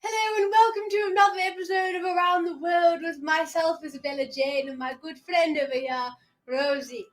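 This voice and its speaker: Young woman doing a big hammy fake london host voice for a kids show, super high. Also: steady tone, unhurried, few pauses, a bit bright, faint music behind.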